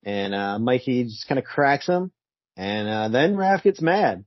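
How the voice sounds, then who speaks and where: A man's voice: mid-range voice, very animated, measured pace, dry recording, lo-fi sound. A man co-hosting a casual comic book review show, joking and chuckling as he comments on the story. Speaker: podcast co-host.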